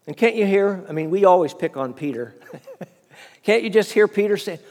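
A man preaching a sermon, telling the story in an animated way and often repeating words. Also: sits high, normal speed, in a large hall. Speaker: preacher, fundraising minister.

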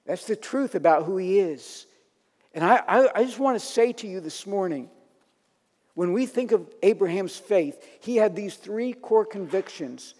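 Male pastor, sermon delivery, fairly high voice, rising to emphatic declarations, church hall echo. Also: lively intonation, measured pace, a little mellow.

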